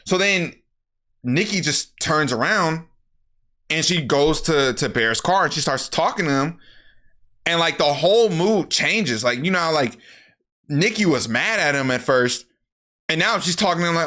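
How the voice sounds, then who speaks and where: A young man tells a movie plot in a loose, profane, animated way. His voice sits a little high and comes out bright and sharp. He keeps slipping into the characters' lines as he talks. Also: unhurried, long pauses. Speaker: YouTuber recapping a movie. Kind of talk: casual movie recap.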